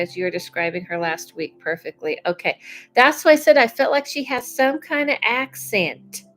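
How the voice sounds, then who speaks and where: Woman, medium-pitched, slow and chatty, psychic reading over soft music. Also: low-quality recording. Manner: chatty and unhurried, with many fillers. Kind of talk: live-streamed reading.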